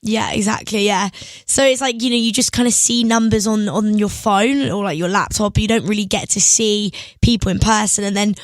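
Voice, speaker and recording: A woman's voice: mid-range voice, fairly even intonation, brisk, no room sound. A young woman from England with an English accent, chatting casually as a guest in a radio interview, laughing often between thoughts. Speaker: guest singer.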